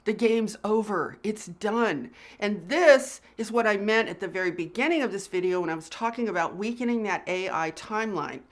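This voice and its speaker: A woman hosting her own spiritual channel, talking straight to viewers in an earnest, emphatic way and repeating phrases for emphasis. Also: mid-range voice. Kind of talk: casual direct-to-camera talk.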